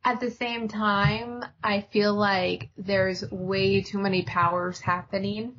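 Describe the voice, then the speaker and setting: A woman's voice: mid-range voice, flat delivery, slow, a bit bright, slight background noise. A woman co-hosting a casual TV review podcast, chatty and opinionated, laughing often. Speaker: podcast co-host. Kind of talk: casual chat reviewing TV shows. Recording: dull lo-fi audio.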